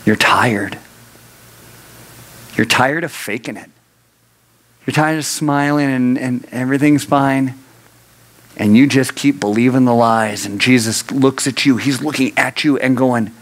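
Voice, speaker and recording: Male youth pastor, sermon delivery, earnest; moves between urgent lifts and hushed asides, leans on repetition. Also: medium pitch, steady tone, measured pace. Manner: earnest, swings from raised urgency to hushed intimacy; repeats phrases for emphasis.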